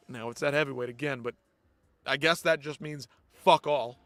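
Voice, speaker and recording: A man's voice: medium pitch, steady tone, unhurried, long pauses, fairly bright tone, no echo. Profane, ranting male fight-show host. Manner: blunt, profane, exasperated ranting. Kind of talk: live post-fight commentary.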